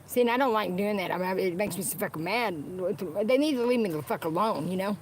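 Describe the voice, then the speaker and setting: Speaking quickly in a mid-range voice, a woman livestreams from inside her car and rants at length to viewers. She's angry and profane toward the people she talks about, repeating phrases throughout the unscripted stream. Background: faint noise and nearby dogs.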